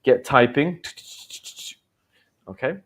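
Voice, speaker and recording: A man in his thirties runs a live English lesson on slang. He talks in a chatty way, explaining each word with quick examples and short acted lines, in an even middle voice. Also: medium pitch, lo-fi sound. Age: 30s. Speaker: English teacher.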